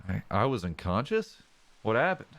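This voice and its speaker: A man voicing a confused young Riolu hero in a game, speaking hesitantly in a lower voice. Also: wildly swooping pitch, moderate pace, fairly bright tone, no echo, exaggerated voice.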